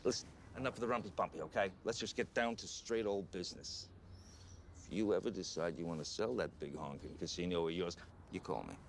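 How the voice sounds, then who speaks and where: A man's voice: low voice, fairly quick, slight background noise. An actor playing a boastful, crude male tycoon with a New York accent who talks bossily and brags about himself. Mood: smug. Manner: boastful, bossy, crude asides.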